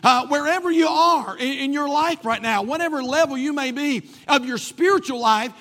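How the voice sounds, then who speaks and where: A man's voice: very high voice, moderate pace, bright, forceful tone. A man preaching a sermon as pastor, repeating phrases for emphasis, recorded in a church. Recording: long hall reverb.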